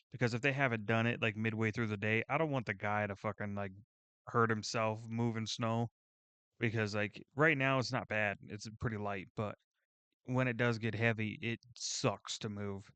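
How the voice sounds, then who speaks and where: A man hosting a reaction video, chatting casually in a rambling, excitable way and swearing freely. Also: medium pitch, clear, resonant tone, dry recording.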